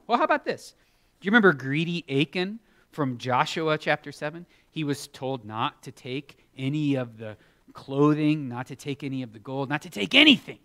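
A man giving a children's sermon, animated and expressive, acting out Bible characters in playful voices. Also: on the high side, brisk. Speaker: children's preacher.

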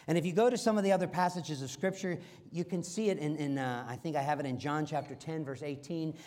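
A middle-aged man preaching a sermon as pastor, swinging from loud emphatic lines to soft, slow, hushed ones. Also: a little high.

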